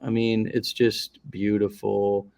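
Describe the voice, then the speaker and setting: Man, show host, effusive, rambling, somewhat low voice. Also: little pitch movement, takes it slowly, vocal fry, a little mellow. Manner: effusive, rambling, many restarts and fillers. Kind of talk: live interview show.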